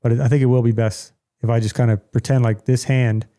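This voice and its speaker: A man's voice: mid-range voice, flat delivery, fairly quick, mellow, clear, resonant tone. A middle-aged man hosting a casual podcast from home, blunt and ranting, with a joking streak. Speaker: podcast host.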